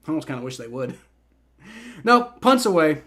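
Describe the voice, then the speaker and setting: A man's voice: fairly high pitch, sing-song, moderate pace, fairly bright tone. A man in his twenties hosting a livestream, mixing play-by-play with casual chat, rambling with repeated words and fillers. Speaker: livestream host. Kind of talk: live play-by-play and chat reaction.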